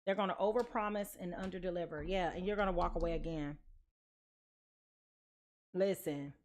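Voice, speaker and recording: A woman's voice: lowish voice, fairly even intonation, normal speed, a little hiss or hum. A sleepy woman giving a casual tarot card reading, chatty and sassy, tossing in slang and pet names. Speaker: tarot reader.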